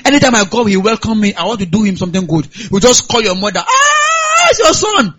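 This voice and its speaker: A Nigerian man preaching a sermon as a pastor, animated and punctuated with hallelujahs. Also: sits high, fast talker, slightly rough, lo-fi sound.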